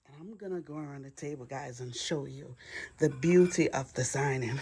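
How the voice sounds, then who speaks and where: A woman with a Jamaican accent, chatting to camera in her dining room as a home decor vlogger, repeating words and breaking into excited exclamations. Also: very deep voice, normal speed, very noisy. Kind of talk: casual chat to camera.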